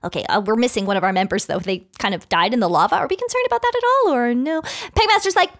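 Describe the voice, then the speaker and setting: A woman narrating a game video in a playful, excitable, chatty way. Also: fairly high pitch, fast talker, few pauses. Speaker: game vlogger.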